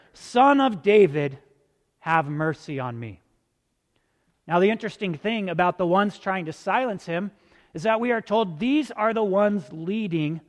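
A man preaching a sermon as pastor, slow and deliberate with dramatic pauses, in a church sanctuary. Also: high voice, big-room sound.

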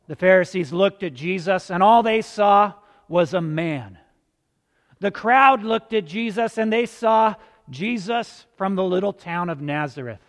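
A man with a high voice preaches slowly, leaning on long dramatic pauses. His words ring out with a long reverb through a church hall. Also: expressive. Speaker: pastor. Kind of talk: sermon.

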